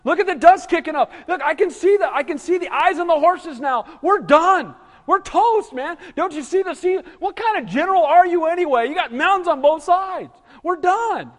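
A man voicing a frightened Israelite in a crowd, panicking and complaining in a high, loud voice. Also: animated, moderate pace, big-room sound. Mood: panicked.

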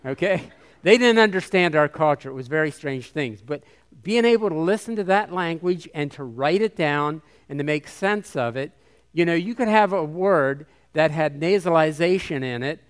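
Smooth-voiced man teaching to a hall. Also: on the high side, normal speed. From United States. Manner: animated teacher, quizzing the audience and sounding out syllables. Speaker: missionary speaker. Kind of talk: conference talk to an audience. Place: hall with a live audience.

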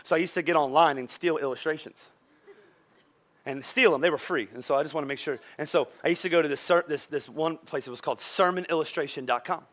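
Brief: male pastor, high-pitched voice, animated sermon storytelling. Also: fast. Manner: animated storytelling, frequent restarts.

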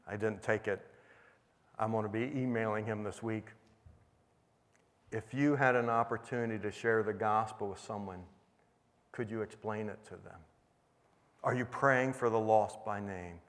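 A man's voice: on the low side, steady tone, moderate pace, pauses often, a bit bright. A middle-aged man preaching, earnestly retelling a conversation with a young inmate as a testimony. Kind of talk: sermon storytelling. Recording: long hall reverb.

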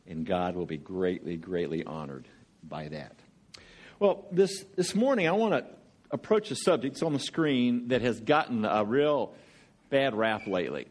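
This Georgia preacher, Southern accent and all, is a guest speaker whose sermon leans on jokes, banter and stories. He has a lowish, somewhat dark voice.

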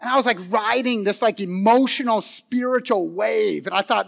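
A man preaching a sermon, telling a personal story with animation, swinging from loud excitement to quiet pleading. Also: high voice, moderate pace, creaky, few pauses.

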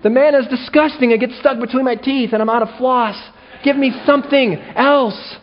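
A man's voice: very high-pitched, steady tone, moderate pace, slight background noise, pitched above the performer's own voice. A man voicing a petulant ancient wanderer who nags and grumbles nonstop, heard on a dull lo-fi recording. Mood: whiny. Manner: nagging, petulant complaining.

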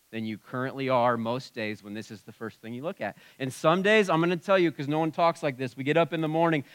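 A man's voice: on the high side, clear, resonant tone, no room sound. A pastor preaching a conversational sermon in a church, often dropping and raising his voice. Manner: conversational preaching with shifts in loudness. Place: church sanctuary.

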